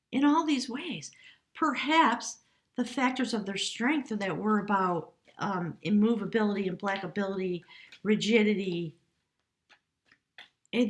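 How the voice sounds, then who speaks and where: A woman giving a spontaneous tarot reading, speaking gently and emotionally, now and then addressing her spirit guides. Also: medium pitch. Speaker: tarot reader.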